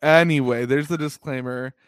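Casting: man, mid-pitched, casual rambling storyteller, dry close-miked sound. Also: steady tone, normal speed, clear, resonant tone, no echo. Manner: rambling, full of "like" and laughs.

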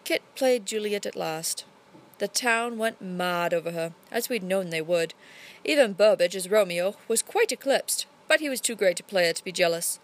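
A woman reading a storybook aloud in a put-on English accent, narrating steadily with lively emphasis. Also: mid-range voice, moderate pace.

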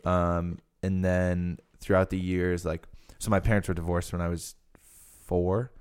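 A man's voice: sits low, level tone, measured pace, a little mellow, clean tone. A young man from Rhode Island hosting a podcast, chatting casually and rambling with lots of fillers. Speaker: podcast host. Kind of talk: casual chat.

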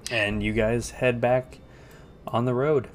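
A man narrating as game master in a relaxed way, often pausing with fillers as he describes scenes. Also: mid-range voice, slight background noise. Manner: relaxed, hesitant with frequent fillers.

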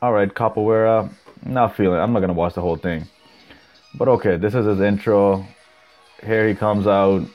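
A man's voice: lowish voice, steady tone, normal speed, lo-fi sound, faint music behind. A young man hosting his own podcast, chatting loosely and swearing a lot as he rambles and reacts to clips. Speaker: podcast host. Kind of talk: casual solo podcast chat.

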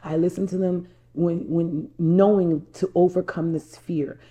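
A woman's voice: lowish voice, steady tone, a little slow, dark tone. A woman from New Jersey, a life coach, telling a personal story to viewers in an emphatic, repetitive way and calling them y'all. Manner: emphatic, repeats herself, addresses viewers as y'all.

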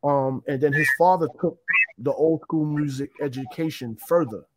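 A man's voice: a little high, moderate pace, very noisy. A man as an interview guest, telling his own story in a casual, reflective way and often restarting his sentences. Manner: reflective, meandering, with frequent restarts.

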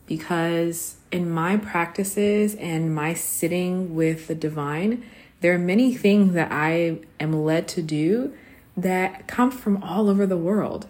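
A woman's voice: on the low side, slow, darkish tone. A woman hosting a casual solo podcast, tired after working late, chatting with listeners and calling them "honey". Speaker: podcast host.

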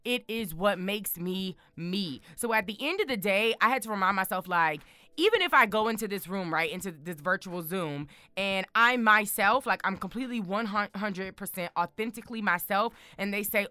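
Bright, bold young woman vlogging. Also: medium pitch, normal speed, no echo. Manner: bold, excitable, repeats words for emphasis. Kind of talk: casual chat to viewers.

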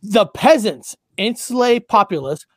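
A man's voice: sits high, animated, slow pace, fairly bright tone, dry recording, studio quality. A man co-hosting a casual chat, reading passages aloud, stumbling over words and swearing offhand.

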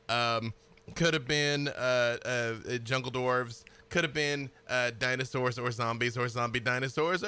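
A man's voice: mid-range voice, normal speed, clear, resonant tone. A man from Arkansas chatting casually about tabletop games, joking and laughing often. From Little Rock, Arkansas. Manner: animated, laughs often, jokey.

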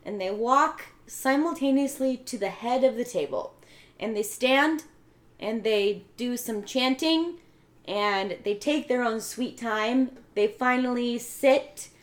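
A woman's voice: fairly high pitch, slow. A woman in casual podcast chat, bluntly narrating a film's plot with a laid-back, giggly manner. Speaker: podcast co-host. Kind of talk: casual chat recapping a film.

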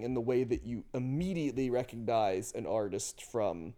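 Speaking at a normal pace with a medium-pitched, dark-toned voice, a podcast co-host from the US Northeast, near New York and Philadelphia, talks casually about music. He thinks out loud and fills his speech with lots of fillers.

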